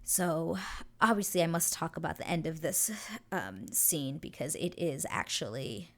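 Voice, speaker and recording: A woman's voice: low voice, expressive, unhurried. A young woman hosting a show, casually recapping a scene in a gushing, breathless way. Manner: gushing, breathless retelling with acted quotes. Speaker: show reaction host.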